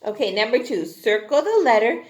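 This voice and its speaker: Animated, sing-song kindergarten teacher woman. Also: fairly high pitch, fairly quick, roomy sound. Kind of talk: recorded online class lesson.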